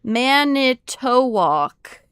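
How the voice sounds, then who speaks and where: Young woman streamer, casual rambling chat; slow, smooth and clear, recorded dry and close. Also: sits high, expressive, a bit bright, no room sound. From United States. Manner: rambling and easily surprised, swears when startled. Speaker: livestreamer.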